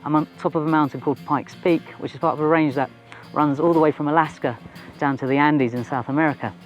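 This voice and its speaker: A man's voice: a little high, fairly even intonation, fast talker, muffled recording, soft background music. A man, a science teacher presenting a documentary to camera in a chatty, informal and self-deprecating way. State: a bit out of breath. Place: outdoors on a mountain top.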